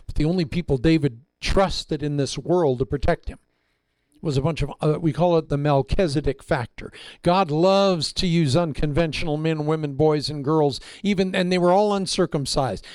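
A man's voice: on the high side, a little mellow, dry recording. A man preaching a sermon as a pastor, telling the story with drama and playful asides.

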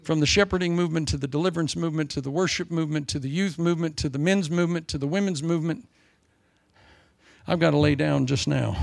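An older man preaching a sermon in a folksy, humorous way, swinging between loud emphasis and soft asides. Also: fairly high pitch, gravelly, no echo.

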